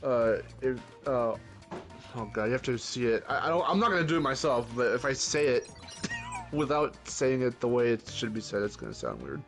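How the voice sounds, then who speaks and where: A man's voice: mid-range voice, very animated, normal speed, a bit bright, faint music behind. A man chatting casually and laughing often while streaming a game and reading chat.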